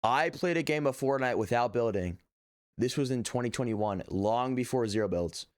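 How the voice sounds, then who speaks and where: A man's voice: medium pitch, animated, moderate pace, no room sound, clean studio sound. A man streaming live, reacting to his old videos with joking, sarcastic, self-mocking commentary.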